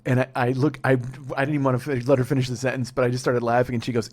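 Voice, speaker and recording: A man in his forties hosting a comedy podcast, telling a story in an excitable, profane way and laughing at himself. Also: medium pitch, very fast, hardly any pauses. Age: 40s.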